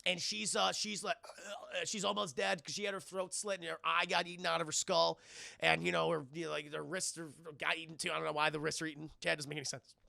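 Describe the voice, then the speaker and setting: Man, streamer recap, profane, rambling, high gravelly voice, dry sound. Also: flat delivery, fast talker, bright, forceful tone, no echo. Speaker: streamer reviewing a film. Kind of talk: casual profane film recap to live chat.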